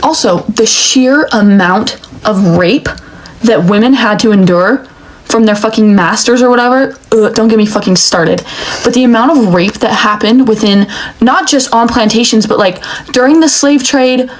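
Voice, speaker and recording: A woman's voice: on the high side, normal speed, poor audio. A young woman giving an angry, emotional rant, swearing often. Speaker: commentator. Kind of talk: heated rant.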